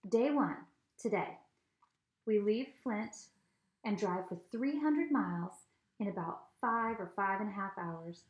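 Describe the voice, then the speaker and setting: A woman reading a storybook aloud, voicing a mother who briskly lays out her family's carefully planned trip. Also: mid-range voice, lo-fi sound, close to an everyday voice. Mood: matter-of-fact. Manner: brisk, matter-of-fact planning. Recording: echoey room.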